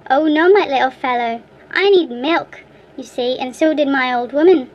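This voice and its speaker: A woman's voice: high-pitched, normal speed, lo-fi sound, a little hiss or hum, lightly acted. A woman voicing a big blustering male troll who clucks and growls threats in a storybook reading. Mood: gloating.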